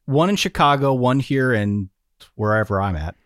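A man's voice: mid-range voice, expressive, moderate pace, a bit bright, no echo, studio quality. A man in his thirties co-hosting a podcast in casual chat, giving short, reluctant answers. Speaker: podcast co-host.

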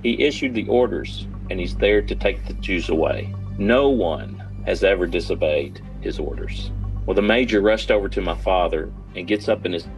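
A man recounting his father's wartime ordeal in an earnest, dramatic documentary interview, pausing for effect. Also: deep voice, animated, soft background music, low-quality recording. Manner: earnest, dramatic retelling with pauses. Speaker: son recounting his father's war story.

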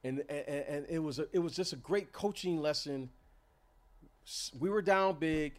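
A man's voice: a little high, moderate pace, no room sound. A man, a former basketball player telling stories from his career in a casual podcast chat. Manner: animated storyteller, repeats words, acts out quotes. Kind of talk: casual storytelling.

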